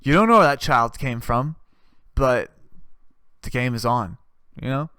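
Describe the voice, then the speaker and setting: A man's voice: medium pitch, animated, a little slow, sharp tone, smooth, no room sound, studio quality. A man hosting a comedy podcast, delivering a profane, rambling and sarcastic rant. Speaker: podcast host.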